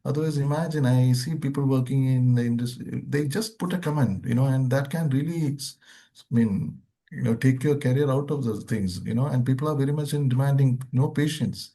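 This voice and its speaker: A man's voice: mid-range voice, a little fast, dark tone. Rambling man. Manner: rambling, with frequent restarts and "you know", "see, imagine". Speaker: behavioral trainer, formerly in IT and airlines. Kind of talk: interview conversation.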